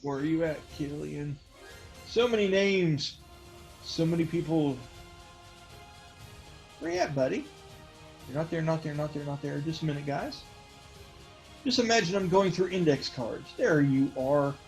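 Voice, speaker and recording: A high-pitched man narrates as game master of a tabletop game. He tells the scene in a loose, joking way, full of fillers, and faint music plays behind him. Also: moderate pace, poor audio.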